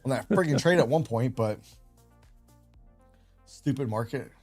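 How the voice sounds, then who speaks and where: A man's voice: mid-range voice, animated, a little slow, a little mellow, soft background music. A man hosting a late-night trading livestream, chatting casually and rambling in a self-deprecating way. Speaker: live trading stream host.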